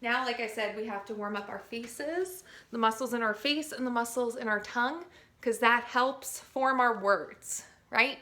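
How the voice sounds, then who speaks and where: A young woman, a teaching artist, leads young students through a playful physical and vocal warmup and demonstrates the sounds herself. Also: on the high side, normal speed.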